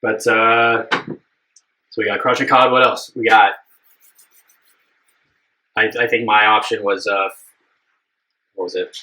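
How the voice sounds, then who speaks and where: A man's voice: lowish voice, flat delivery, slow pace, pauses often, bright, forceful tone, low-quality recording. A young man hosting a live cooking stream, chatting casually and upbeat with his viewers, rambling with plenty of fillers.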